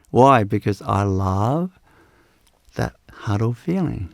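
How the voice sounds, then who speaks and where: Man, spiritual teacher, live talk, very slow, gravelly voice, dry close sound, repeats himself. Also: on the low side, lively intonation, no room sound. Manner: unhurried, repeats phrases, many "you know"s.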